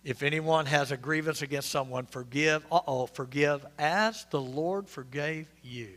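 A man's voice: a little high, unhurried, a bit bright, in a large hall. A male pastor, preaching an interactive, joking sermon and questioning his congregation. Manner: conversational, quizzing the congregation, joking asides. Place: church sanctuary.

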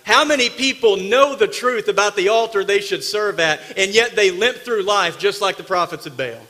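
A man preaching a sermon from the pulpit, emphatic and dramatic, dropping from loud bursts to hushed asides. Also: high voice, moderate pace, big-room sound. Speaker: pastor. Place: church sanctuary.

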